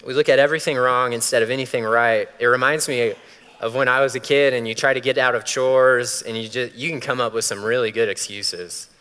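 A man's voice: medium pitch, moderate pace, pushed and bright, smooth. A man preaching a sermon as pastor, talking casually and animatedly, acting out voices when he quotes. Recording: long hall reverb.

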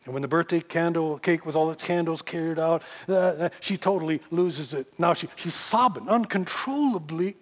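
A man telling a story in a sermon, animated and often repeating words. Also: a little high, normal speed, hardly any pauses, in a large hall.

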